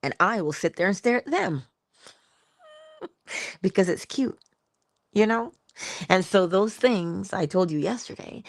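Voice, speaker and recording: A woman hosting an inspirational morning livestream, musing and affectionate, drifting between hushed asides and bursts of laughter. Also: lowish voice, no room sound. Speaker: livestream host. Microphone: livestream mic.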